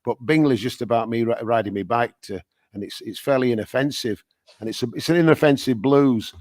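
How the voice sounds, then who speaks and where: A male songwriter answers interview questions in a loose, playful ramble that is full of repeated words. His voice is medium-pitched and sits close and dry on the mic. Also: brisk, darkish tone, no room sound. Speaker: guest songwriter.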